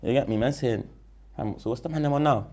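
A man's voice: medium pitch, fast talker. A young man with a London accent, a guest telling a story in a casual interview, rambling and full of street slang. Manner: slangy, rambling, animated when retelling.

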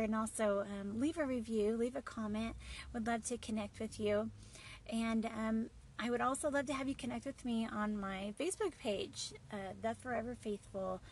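A woman with a fairly high voice hosts her own podcast, speaking earnestly and reassuringly with a few fillers in an encouraging solo talk. She's an adult mother of boys, and the low-quality recording has slight background noise.

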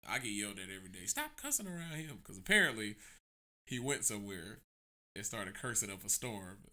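A man in his late twenties chatting casually on a podcast, swearing freely and jumping into a high pitch when he quotes people. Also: very animated, fairly quick, bright, forceful tone. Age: 20s. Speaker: podcast co-host. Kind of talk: casual chat.

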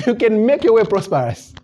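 A man's voice: sits high, muffled recording. A man preaching a sermon to a congregation. He chuckles often and restarts his phrases as he builds his point. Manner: animated preaching with frequent chuckles and repeated words. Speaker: pastor. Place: church service before a congregation.

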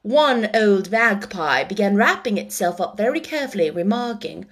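A woman reading a children's book aloud, then chatting casually with animated, laughing asides. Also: medium pitch, normal speed, few pauses, husky. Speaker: storyteller.

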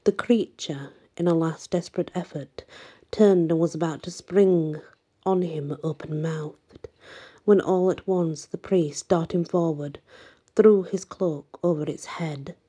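A woman reading a folk legend aloud in a dramatic way, often sinking to a breathy whisper. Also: low-pitched, fairly even intonation, measured pace, mellow. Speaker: narrator.

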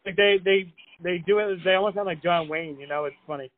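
A man in his thirties hosts a casual podcast interview, enthusiastic and laughing easily. His voice is high for a man. It sounds thin and phone-like. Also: fairly quick. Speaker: podcast host. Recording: tinny phone-like line.

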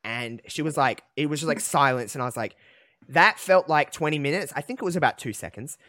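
A young man hosting a podcast, telling a personal story in a candid, emotional way, halting often with fillers. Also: a little high, pushed and bright, no echo, studio quality. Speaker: podcast host.

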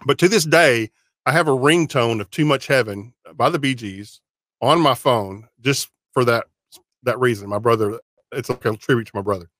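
A man's voice: mid-range voice, moderate pace, a bit bright, no room sound. Friendly Texan man hosting, dry close sound. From Texas. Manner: friendly, repeats and restarts words. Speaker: podcast host. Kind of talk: casual interview chat.

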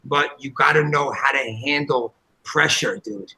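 Loud, gravelly New man. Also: on the high side, measured pace, low-quality recording. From New Jersey. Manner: loud, profane, animated storytelling. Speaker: podcast co-host. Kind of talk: casual chat.

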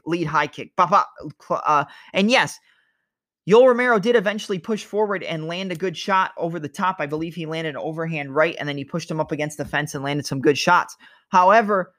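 A man with a fairly high voice talks through fight analysis as a show host, loose and chatty, with the occasional burst of sound effects for punches. The sound is dry and close, with no room echo. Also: bright, forceful tone. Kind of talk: casual fight breakdown monologue.

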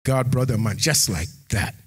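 A man preaching a sermon who reads scripture aloud and builds into shouted, sing-song exhortation. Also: medium pitch, moderate pace, husky. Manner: reads scripture aloud, King James phrasing. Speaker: pastor.

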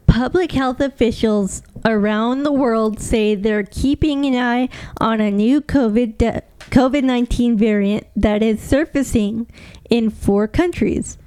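A woman's voice: a little high, unhurried, warm tone, clear, resonant tone. A woman co-hosting a podcast, teasing in casual chat and reading out a news article in earnest. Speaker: podcast co-host.

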